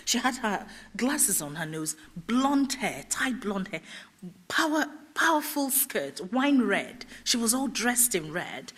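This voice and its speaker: Woman, middle-aged, festival speaker, personal story, animated, laughs a lot, very lively melody. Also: mid-range voice, husky. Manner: animated, laughs often, acts out quoted dialogue. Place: festival stage.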